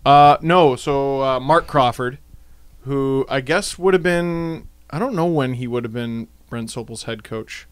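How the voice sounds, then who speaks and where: A man's voice: mid-range voice, smooth, no echo. A man co-hosting a podcast, chatting casually and cracking jokes. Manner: joking, laughs while reading, quick asides. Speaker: podcast co-host. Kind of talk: casual chat, reading out a quoted story.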